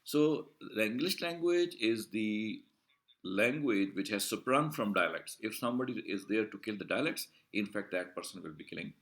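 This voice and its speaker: Male lecturer, low voice, methodical explainer, repeats himself with hesitations. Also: animated, fairly bright tone. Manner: deliberate, explanatory, repeats and rephrases points; frequent filler "uh" and restarts. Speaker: university lecturer. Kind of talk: recorded video lecture.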